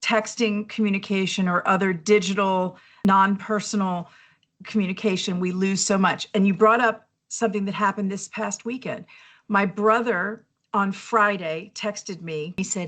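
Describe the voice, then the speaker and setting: A woman's voice: medium pitch, steady tone, moderate pace, fairly bright tone. A woman co-hosting a leadership podcast as a coach, talking casually and reflectively, telling personal anecdotes and acting out quoted messages.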